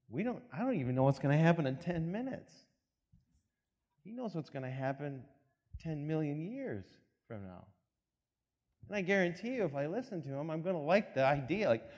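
A pastor delivers a sermon in a church hall full of echo, weaving stories with comic asides and quick laughs. His voice sits a little high and has a dark tone.

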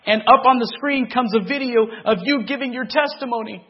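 A man voicing his elderly father, who weeps and pleads in a high, strained voice. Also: fairly quick, slightly rough, exaggerated voice. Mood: tearful. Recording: dull lo-fi recording.

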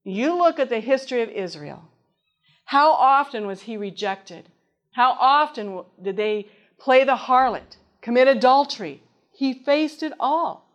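A woman's voice: high voice, expressive, unhurried. A middle-aged woman preaching a sermon in an earnest way, reading scripture aloud and asking her listeners questions.

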